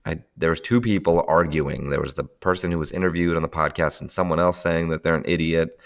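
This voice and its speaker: A man's voice: very deep voice, steady tone, fairly quick. A middle-aged man, a guest in a casual conversation, talking animatedly, laughing often and acting out voices as he tells stories.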